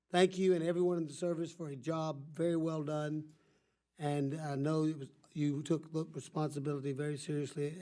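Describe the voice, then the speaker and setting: As subcommittee chairman, an older man opens a formal hearing, his remarks drifting into rambling asides where he corrects himself. Allergies leave his voice congested, though it stays fairly high and warm.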